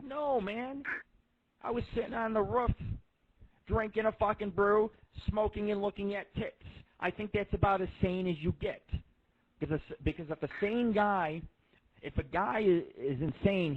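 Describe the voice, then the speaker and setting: A man's voice: sits high, no echo. A man hosting a radio show, telling a rambling story full of swearing. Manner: crude, swears constantly, rambling. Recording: tinny phone-like line.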